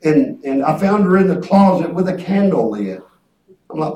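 A high-voiced male preacher talks through his message like a chat, folksy and rambling, repeating words as he goes. He sits back from the mic, and the room around him rings with echo. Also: sing-song, normal speed, dark tone, lo-fi sound, a little hiss or hum. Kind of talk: conversational preaching. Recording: echoey room, distant mic.

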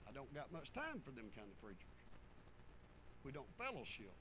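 A man preaching a folksy sermon, swinging from fervent loud passages to low muttered asides. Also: huge pitch swings, normal speed, background noise.

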